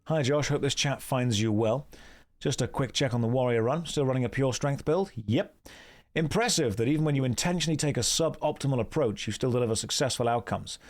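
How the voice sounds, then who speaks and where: A man's voice: mid-range voice, fairly quick. An English man streaming an online game, chatting casually with viewers and reading out their messages in a wry, teasing way. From England. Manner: chatty, wry and teasing, thanks donors warmly.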